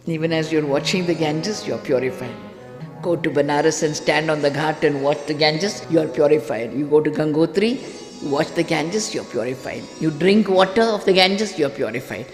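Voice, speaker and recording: A speaker preaches a devotional sermon in an emphatic, repetitive style. The voice swings up and down in pitch on each refrain. It rings through a large hall with a long reverb and faint music in the background. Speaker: spiritual discourse speaker. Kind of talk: devotional sermon to a live audience.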